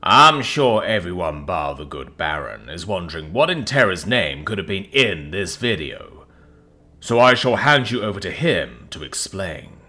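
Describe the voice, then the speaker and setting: A man voicing a grandiose god-king emperor who booms slowly in an affected mid-Atlantic accent. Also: sing-song, bright, forceful tone, heavily acted. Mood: grandly menacing. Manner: booming, drawn-out, theatrical.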